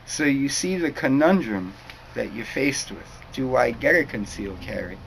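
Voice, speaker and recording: Young man, profane rambling rant, mid-pitch, faint hiss behind. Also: expressive, moderate pace, creaky, fairly bright tone, rough recording. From New England. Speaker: vlogger. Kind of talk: ranting monologue to camera.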